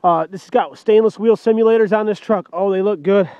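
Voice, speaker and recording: A man's voice: sits high, a little fast, darkish tone, clear, resonant tone, dry recording, highs cut off. A man selling trucks with a joking, hyped sales patter, recorded outdoors in the cold on a handheld camera mic. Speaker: truck dealer.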